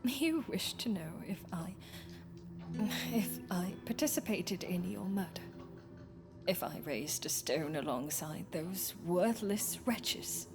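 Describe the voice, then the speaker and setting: A quietly menacing, possessive old friend, acted by a woman in a visual novel, speaking formal, old-fashioned lines at an unhurried pace. Her words keep dropping into hushed, unvoiced whispers. A game soundtrack plays clearly behind her. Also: lowish voice, expressive. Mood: cold. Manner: formal, archaic phrasing, slipping into whispers. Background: game soundtrack music.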